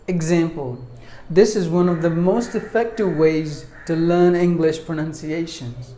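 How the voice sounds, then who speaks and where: Slow, deliberate male pronunciation teacher. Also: a little high, warm tone. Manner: deliberate, repeats each word and breaks it into syllables. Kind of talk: pronunciation lesson. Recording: echoey room.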